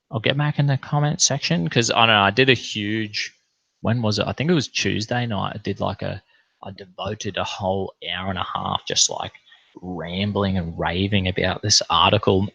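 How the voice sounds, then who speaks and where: Profane Australian man, gravelly low voice. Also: fairly bright tone, no echo, muffled recording. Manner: profane, blunt, ranting. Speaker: online streamer. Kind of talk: casual rambling monologue.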